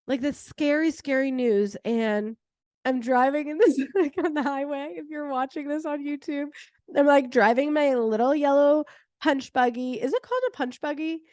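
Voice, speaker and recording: A young adult woman hosting a podcast, telling a personal story in a chatty, animated way with many "like" fillers. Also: sits high, moderate pace, dry recording. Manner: chatty, heavy use of "like" fillers; animated retelling with laughter. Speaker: podcast host.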